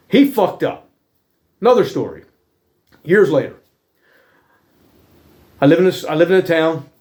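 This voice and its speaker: A man's voice: fairly high pitch, a little mellow. A middle-aged man telling personal stories in a heated, profane rant, swearing constantly in blunt working-class talk.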